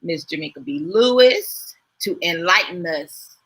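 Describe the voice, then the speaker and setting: A woman's voice: on the low side, expressive, unhurried, fairly bright tone, breathy edge. A woman co-hosting a casual live-stream talk show, upbeat and teasing, laughing often between plugs for the show. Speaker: co-host.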